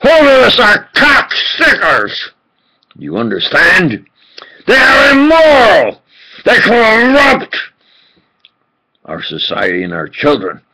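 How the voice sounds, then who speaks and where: With huge pitch swings and a slow, creaky delivery full of pauses, a man plays a self-styled preacher in a fervent political rant. He veers from low mutters to shouted bursts, repeating himself emphatically, all captured in poor audio.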